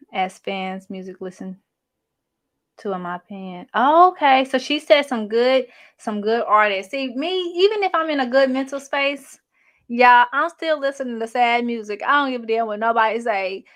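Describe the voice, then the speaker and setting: A woman's voice: fairly high pitch, moderate pace, fairly bright tone. A young adult woman hosting a casual livestream, reading chat comments in a chatty, sassy, slangy way. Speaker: channel host reading live chat.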